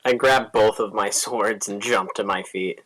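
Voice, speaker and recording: A man playing in a tabletop game who talks in an eager, animated way. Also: lowish voice, unhurried, no room sound, low-quality recording. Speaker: player.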